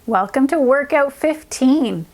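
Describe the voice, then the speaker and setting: A young adult woman who teaches reading, giving an upbeat lesson to young children and slowly sounding out letters and words. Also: high-pitched, animated, darkish tone, faint music behind.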